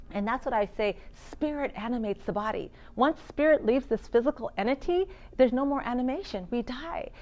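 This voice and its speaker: A woman health practitioner delivers a seminar presentation in a somewhat high voice. She talks in an animated way, slipping into the voices of the people and inner thoughts she quotes. She often restarts her sentences and repeats words as she goes. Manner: animated, acts out quoted voices and self-talk. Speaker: health practitioner giving a talk.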